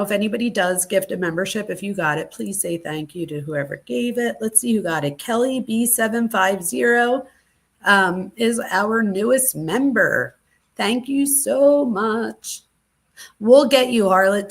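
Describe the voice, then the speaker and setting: A woman hosting a true crime livestream, gushing with thanks to her viewers and moved close to tears. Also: medium pitch. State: teary, close to crying. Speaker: true crime channel host. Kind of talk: casual livestream chat.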